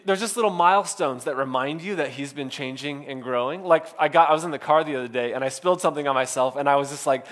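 A man in his thirties preaching a sermon as a pastor, in a relaxed, conversational way that is full of "like" fillers. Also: on the high side. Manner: casual, filler-heavy with frequent "like".

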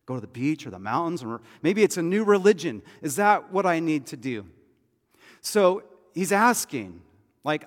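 A man preaching a sermon as pastor, talking in a conversational way and often dropping to a hushed, intense tone. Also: a little high, very animated, moderate pace. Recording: church hall reverb.

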